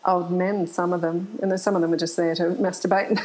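A woman's voice: lowish voice, level tone, fairly quick, darkish tone, rough recording. A middle-aged woman, a guest telling frank stories in an interview and laughing often. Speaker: guest, author. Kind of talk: candid storytelling interview.

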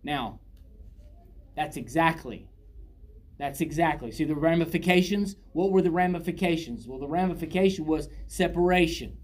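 A man's voice: on the high side, moderate pace. A man preaching a sermon, reading scripture aloud and driving points home by repeating phrases. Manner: emphatic, repeats phrases for stress.

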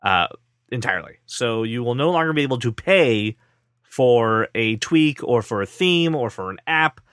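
A man's voice: medium pitch, lively intonation, moderate pace, fairly bright tone, clean tone, no room sound, clean studio sound. A man co-hosting a casual tech podcast, joking and playing mock-offended while he runs through news. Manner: playful, mock-offended banter. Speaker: podcast co-host.

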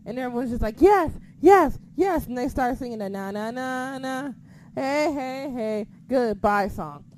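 A woman co-hosting a casual chat, excitable and swearing freely, sometimes losing her train of thought. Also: on the high side, normal speed, a little hiss or hum. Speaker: podcast co-host.

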